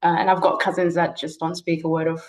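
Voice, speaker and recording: A woman whose first language is Nuer, moderating a webinar, thanking the speakers and apologizing warmly. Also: sits low, flat delivery, fast talker, low-quality recording. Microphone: video call.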